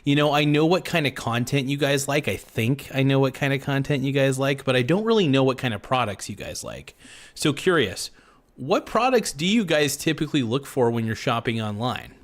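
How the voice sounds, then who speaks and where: A man's voice: mid-range voice, expressive, moderate pace. A man hosting a livestream, chatting casually and jokingly with viewers and answering their chat messages. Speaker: livestream host.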